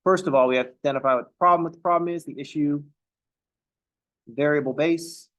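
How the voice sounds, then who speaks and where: A man teaches calculus to a class in a slightly higher-than-usual voice. He explains each step plainly, then drifts into wry joking asides before pulling himself back to the lesson. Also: a little fast, fairly bright tone, dull audio. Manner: joking asides, self-interrupting. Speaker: math teacher. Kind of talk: classroom lecture.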